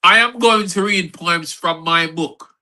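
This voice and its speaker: A man's voice: high-pitched, measured pace, bright, forceful tone, rough recording. A man performing spoken-word poems from his own book, moving between rhythmic recital and rambling off-the-cuff asides. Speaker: performing poet. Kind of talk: spoken-word poetry reading. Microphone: online event recording.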